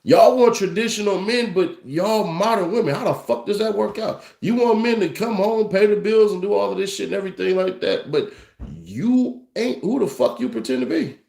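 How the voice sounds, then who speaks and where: A man's voice: high voice, expressive, normal speed, creaky, darkish tone. A young adult man, ranting with profanity and mocking laughs as a commentary host. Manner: brash, mocking, laughs often. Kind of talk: profane rant to camera. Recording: echoey room.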